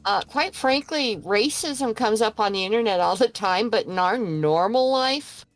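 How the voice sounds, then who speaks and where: An older woman, a podcast guest, chatting casually in a frank, unhurried way. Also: medium pitch, expressive, soft background music. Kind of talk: casual chat.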